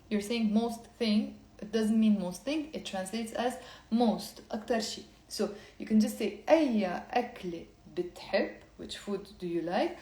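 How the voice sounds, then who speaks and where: A woman from Lebanon, teaching a live online language lesson and patiently repeating phrases slowly, then faster. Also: on the high side, dark tone, reverberant.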